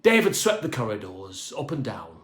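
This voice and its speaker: A man narrating a children's storybook in an expressive, playful manner. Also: lowish voice, normal speed. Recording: echoey room.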